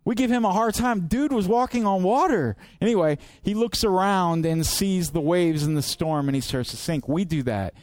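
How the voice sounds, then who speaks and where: A man's voice: high-pitched, normal speed, few pauses, a little mellow, no room sound. A man preaching a sermon as pastor, earnest and direct, driving points home with rhetorical questions.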